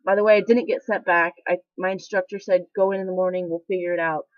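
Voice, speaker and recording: A woman's voice: lowish voice, steady tone, fast talker, dry recording. Young woman, military trainee, casual confessional vlog, candid and rambling, dry dull home-mic sound. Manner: candid, rambling, emotional, with frequent fillers.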